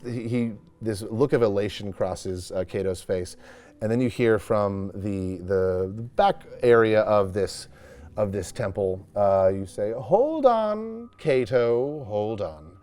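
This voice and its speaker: Low-voiced man casually narrating a tabletop game. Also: steady tone, unhurried, warm tone. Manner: casual, rambling, with many restarts. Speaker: game master.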